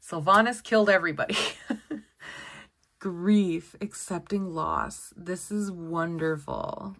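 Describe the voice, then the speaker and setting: A woman giving a casual tarot deck walkthrough, chatty and excitable, often exclaiming over the cards. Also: on the low side, slow pace. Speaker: tarot content creator.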